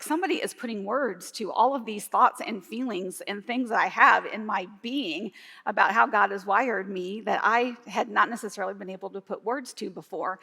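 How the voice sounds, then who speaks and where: Woman speaking from a church stage, gravelly tone. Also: medium pitch, fairly bright tone. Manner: earnest, conversational. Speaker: church executive team leader. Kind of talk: sermon. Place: church sanctuary. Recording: long hall reverb.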